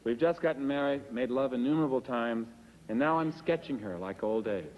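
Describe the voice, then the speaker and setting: A man's voice: mid-range voice, fairly quick, big-room sound, lo-fi sound. A man performing a wry, self-deprecating storytelling monologue and acting out the dialogue himself.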